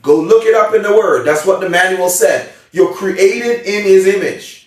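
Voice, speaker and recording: A man's voice: high-pitched, moderate pace. A man giving an emphatic motivational seminar talk, often checking in with his audience. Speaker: motivational speaker. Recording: very echoey room, far from mic.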